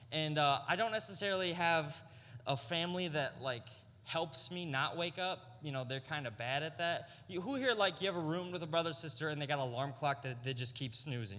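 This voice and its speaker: A man's voice: on the high side, bright, forceful tone. A young adult man, a youth pastor, giving a casual, story-driven sermon full of slang and rhetorical "right?" questions. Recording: long hall reverb.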